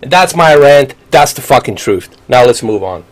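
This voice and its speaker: A man's voice: medium pitch, animated, moderate pace. A man, ranting angrily and profanely while live-streaming a game. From Bosnia. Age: 40s. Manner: angry, profane, combative.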